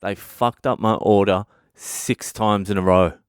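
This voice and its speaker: Aussie comedian guy rambling n swearing, lowish voice, dead dry sound. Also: fairly even intonation, unhurried, smooth, no echo. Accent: Australian. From Australia. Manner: profane, rambling storytelling. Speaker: comedian and podcast host. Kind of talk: casual comedic monologue.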